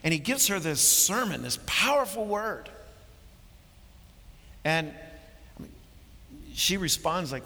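A man's voice: on the high side, big pitch swings, takes it slowly, long pauses, bright, forceful tone, big-room sound. A man preaching a sermon, earnest and building to emphatic points, often repeating words as he goes.

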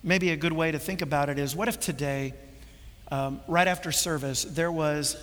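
A pastor preaching a sermon, earnest and full of rhetorical questions. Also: male voice, on the high side, moderate pace, a bit bright. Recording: long hall reverb.

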